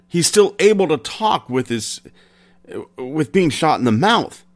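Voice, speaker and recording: Slow, deliberate male true-crime storyteller. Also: fairly high pitch, sing-song. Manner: unhurried, conversational retelling with pauses. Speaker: podcast host.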